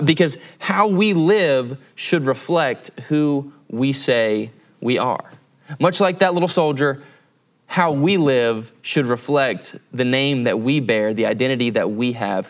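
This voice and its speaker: A man preaching as a campus pastor in a conversational sermon, often checking in with tag questions. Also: mid-range voice.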